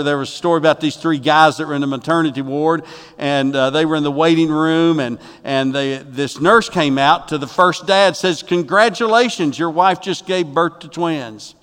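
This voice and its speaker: A middle-aged man preaching a sermon from the pulpit in a church, telling folksy jokes and stories, with his voice getting louder at the punchlines. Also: fairly high pitch, smooth. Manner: folksy storytelling with jokes, rising loud for punchlines. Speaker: pastor. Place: church sanctuary. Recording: long reverb of a church hall.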